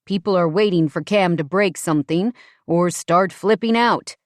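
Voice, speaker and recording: A woman's voice: on the low side, normal speed, no room sound, studio quality, natural voice. A woman voicing a smug, patronizing man with a Southern US accent, in an audiobook. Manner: crooning, ingratiating, louder.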